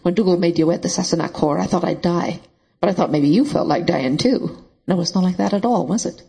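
A man reading an audiobook and voicing a bitter, hot-tempered young woman with a raised, shrill voice. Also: a little fast, vocal fry, mellow. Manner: shrill, reproachful.

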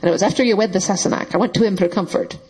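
A man reading an audiobook and voicing a bitter, hot-tempered young woman with a raised, shrill voice. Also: a little fast, creaky, dark tone. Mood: shrieking. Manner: shrill, reproachful.

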